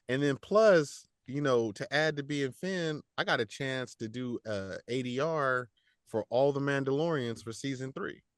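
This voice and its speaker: A man who works as a voice actor, talking casually in a podcast interview, animated and slangy, laughing often and repeating words as he goes. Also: medium pitch, no room sound, clean studio sound. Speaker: voice actor guest.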